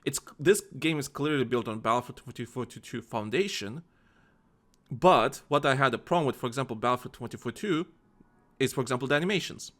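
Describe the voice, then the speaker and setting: A man's voice: mid-range voice, expressive, fairly quick, fairly bright tone. Rambling man co-hosting a gaming podcast. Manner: rambling, restarts often, laughs and swears. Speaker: podcast co-host. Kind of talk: casual chat.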